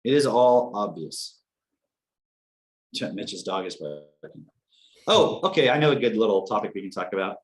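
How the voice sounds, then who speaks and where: A young man on a casual podcast, telling animated stories, acting out quotes and swearing casually. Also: fairly low pitch, normal speed, long pauses. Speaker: podcast co-host.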